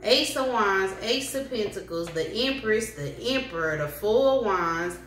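Slow-talking woman doing a tarot reading. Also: mid-range voice, expressive, fairly bright tone, faint music behind. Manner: slow, repetitive, affirming, speaks directly to viewers. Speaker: tarot reader. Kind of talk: casual tarot reading to camera. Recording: roomy home recording with faint hiss.

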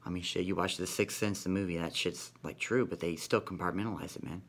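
A man's voice: deep voice, fairly even intonation, fairly quick, a bit bright. A man vlogging in a rambling, profane monologue, ending nearly every sentence with "man". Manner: rambling, repeats "man" constantly; profane, conspiratorial.

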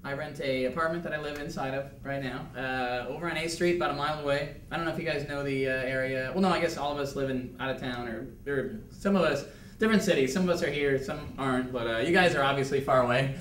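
A man's voice: mid-range voice, fast, a bit bright, a little hiss or hum. A man nervously rambling through an unprepared self-introduction at a business meeting, stammering and laughing. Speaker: quality control manager in a meeting. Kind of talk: awkward improvised self-introduction. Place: conference room on a video call. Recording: echoey room from far off.

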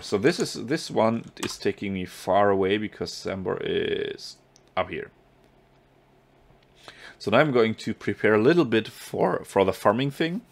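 A man's voice: lowish voice, creaky. A man hosting a let's play, chatting and thinking aloud as he plays. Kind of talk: game commentary.

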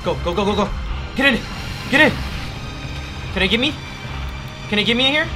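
A man playing a video game and commenting live, excitable and loud, trash-talking enemies and swearing when scared. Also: very high voice, fairly quick, music in the background. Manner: trash-talks enemies in a playful street tone. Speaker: gaming YouTuber. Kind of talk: let's play commentary.

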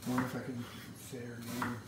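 A man's voice: medium pitch, completely flat delivery, fast. A man from Wisconsin rambling through food and family stories as he cooks in his home kitchen, acting out voices as he goes. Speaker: home cook and vlogger. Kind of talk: rambling storytelling while cooking. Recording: very echoey room, mic far off, background noise.

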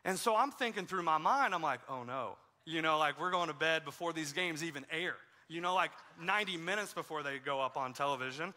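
A man's voice: fairly high pitch, a little fast, few pauses, sharp tone. A man preaching a conversational sermon as a pastor, telling stories in a casual way with self-deprecating humor. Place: church sanctuary.

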